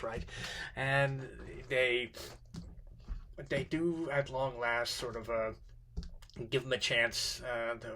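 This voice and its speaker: Bright-voiced man giving a halting lecture. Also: medium pitch, a little hiss or hum. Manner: halting, many fillers and restarts. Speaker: teacher. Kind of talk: informal literature lecture.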